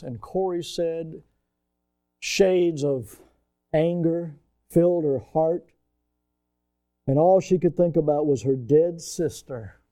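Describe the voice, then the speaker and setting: Man, preacher, sermon, folksy, hushed to loud swings, warm dark tone. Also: fairly high pitch. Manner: dramatic swings from loud emphasis to hushed quiet; folksy, addresses audience as folks. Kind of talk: sermon storytelling.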